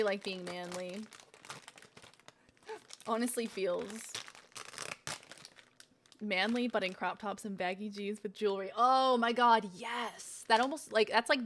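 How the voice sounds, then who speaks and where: A young woman with a mid-range voice streams a casual snack unboxing against a noisy background. She chats, laughs and swears heavily while eating.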